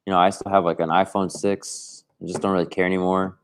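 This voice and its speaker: A man's voice: sits low, level tone, fast, slight background noise. A young man appearing as a guest artist on a video call, speaking in a laid-back, hesitant way and often correcting himself. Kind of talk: casual video-call chat.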